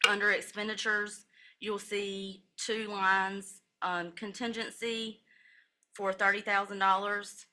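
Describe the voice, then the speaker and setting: Brief: woman finance officer, bright voice, methodical reading of numbers at a public meeting. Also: medium pitch. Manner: methodical, steady recital of figures with brief self-corrections. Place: county commissioners' meeting room.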